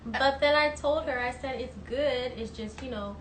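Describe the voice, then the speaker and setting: A woman's voice: high-pitched, normal speed. A young woman from the American South chatting casually and in an easygoing way, often laughing. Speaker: singer on a livestream. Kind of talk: casual chat. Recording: echoey room, audible background noise.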